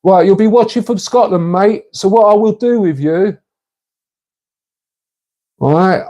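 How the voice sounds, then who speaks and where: A man's voice: sits high, unhurried, dark tone. A man hosting a casual livestream, chatting in a matey way and answering viewers' comments. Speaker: livestream host.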